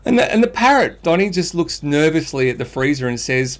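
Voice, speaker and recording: Aussie podcast co-host, lively swooping voice, a bit high for a bloke. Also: male voice, a little fast, hardly any pauses. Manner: animated storytelling, laughs at own jokes. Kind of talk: casual chat, telling a dad joke.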